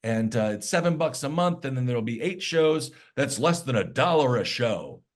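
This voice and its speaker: A man's voice: medium pitch, expressive, moderate pace. Easygoing, self-mocking male podcast guest. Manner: easygoing, self-deprecating, joking. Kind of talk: casual chat.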